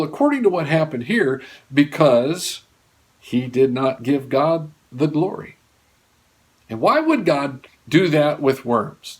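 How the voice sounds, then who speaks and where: A male pastor preaching a sermon, earnestly, with wide swings from raised emphasis to hushed low lines. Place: church.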